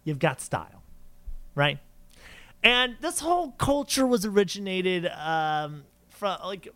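A podcast host who keeps breaking into laughter and fumbles foreign names. He talks in a high, bright voice that jumps all over its range. The sound is dry and close. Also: expressive, slow, no echo. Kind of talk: casual chat.

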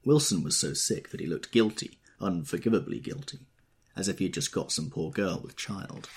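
A man reading an audiobook in scripted narration, expressive and measured. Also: low-pitched, slightly rough.

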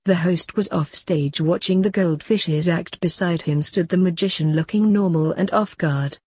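Female author-host narrating her story; low, breathy, dry. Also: normal speed, a little mellow, no echo. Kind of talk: story reading.

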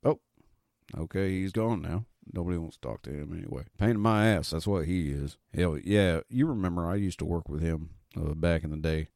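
A man's voice: sits low, a little fast, darkish tone, no room sound, studio quality. A man hosting a comedic radio show as fill-in, rambling and wisecracking. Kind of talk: comedic radio play narration.

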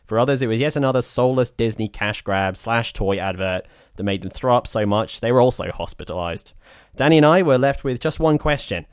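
A man co-hosting a film podcast, with dry, deadpan humor. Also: medium pitch, brisk, hardly any pauses, clear, resonant tone, dry recording. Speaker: podcast co-host. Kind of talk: casual chat and scripted intro.

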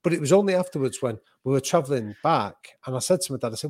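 Man telling a lively story. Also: mid-range voice, dry recording. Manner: vivid anecdotal telling, quick restarts. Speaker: boxing coach and author. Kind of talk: animated conversational storytelling.

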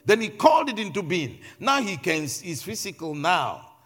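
A man's voice: high-pitched, big pitch swings, normal speed, fairly bright tone, slightly rough. A male pastor preaching a sermon. He repeats phrases and builds emphasis as he preaches. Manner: preaching with repetition and rising emphasis.

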